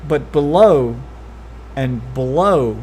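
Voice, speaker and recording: A woman's voice: very deep voice, expressive, extremely slow, darkish tone, a little hiss or hum. A woman streamer chatting casually on a live stream, blunt and crude, joking and talking over her co-host. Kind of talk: casual chat.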